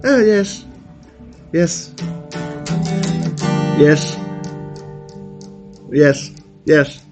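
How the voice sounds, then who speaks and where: A man's voice: on the high side, lively intonation, drawn-out words, over music. A man playing a weary yes-saying boyfriend. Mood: placating. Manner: endless weary "yes" replies, placating. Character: man humoring his girlfriend on the phone.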